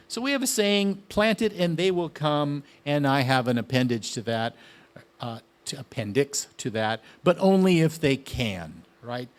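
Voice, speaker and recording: A man giving a casual, enthusiastic gardening talk, often asking his listeners questions. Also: fairly high pitch. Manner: chatty, enthusiastic, asks the audience questions. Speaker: gardening speaker.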